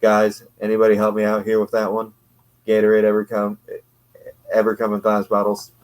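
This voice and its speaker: A man's voice: on the low side, completely flat delivery, a little fast, a little mellow. A man casually reviewing an old comic book, sarcastic and rambling, laughing often.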